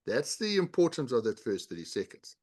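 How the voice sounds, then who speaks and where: A man's voice: mid-range voice, sing-song, fairly quick, darkish tone. A middle-aged man as an interview guest, explaining body language with instructive examples and demonstrations. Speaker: guest, body language author and leadership coach.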